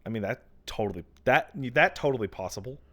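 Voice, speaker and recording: A man co-hosting a podcast, riffing jokingly in casual chat with loud put-on outbursts. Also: fairly low pitch, animated, brisk. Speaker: podcast co-host.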